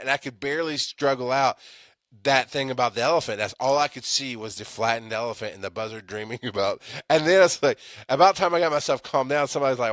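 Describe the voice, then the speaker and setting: A man's voice: medium pitch, fairly quick, fairly bright tone, no echo, clean studio sound. Rambling man telling an EMS story. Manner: rambling, many restarts, laughs at himself. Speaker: EMS podcast host. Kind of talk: casual storytelling monologue.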